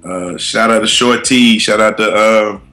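Bright-voiced man co-hosting a podcast. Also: lowish voice, fairly even intonation, measured pace. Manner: laid-back, repeats "you know what I'm saying". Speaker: podcast co-host. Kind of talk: casual banter.

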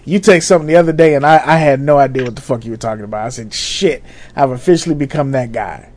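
A man's voice: mid-range voice, fast talker, darkish tone. A man in his thirties co-hosting a podcast, casual and profane, joking about getting old. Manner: laid-back, profane, self-mocking about getting old. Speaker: podcast co-host. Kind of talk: casual chat.

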